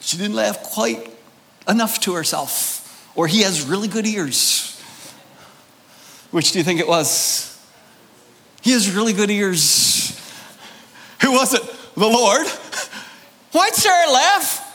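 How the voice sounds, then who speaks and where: A man preaching a sermon, emphatic and deliberate, firing rhetorical questions at his congregation. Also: high voice, animated, a bit bright. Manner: drawn-out, deliberate delivery with pauses. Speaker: pastor.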